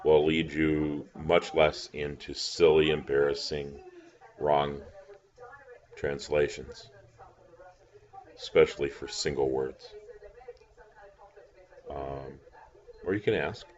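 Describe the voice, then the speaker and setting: Man, very low voice, unhurried, patient teacher, spells words letter by letter, muffled lo-fi recording. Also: little pitch movement, a little mellow. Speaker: language teacher. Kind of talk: recorded classroom lesson.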